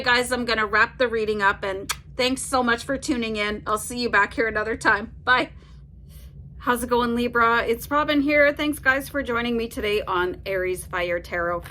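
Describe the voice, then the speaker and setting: A woman's voice: mid-range voice, bright, forceful tone, slight background noise. A woman reading tarot cards to camera in a casual, chatty way, peppering her talk with "like" and checking in with "okay?". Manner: chatty, fills with "like", tags "okay?" on sentences. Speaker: tarot reader.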